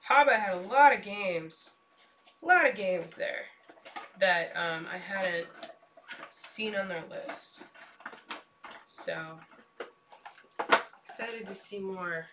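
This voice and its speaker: A young woman streaming herself unpacking board games in casual chat, excitable and prone to trailing off mid-sentence. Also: mid-range voice, slow, long pauses, far from the mic, a little hiss or hum.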